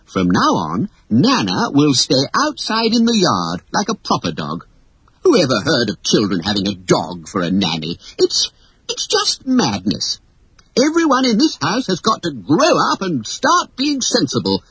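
A narrator voicing a blustering, exasperated Victorian father who shouts at his children. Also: medium pitch, huge pitch swings, measured pace, husky, voice pushed up, heavily acted. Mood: stern lecturing.

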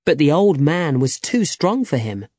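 A man narrating a simple graded reader in a slow, clear, deliberate way. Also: a little high, sing-song, darkish tone, no room sound. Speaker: audiobook narrator.

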